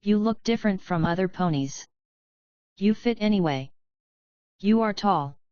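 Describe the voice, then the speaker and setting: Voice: mid-range voice, expressive, a little slow, darkish tone, no room sound, muffled recording, close to an everyday voice. A woman voicing a hyper, party-loving female pony who rattles off lists.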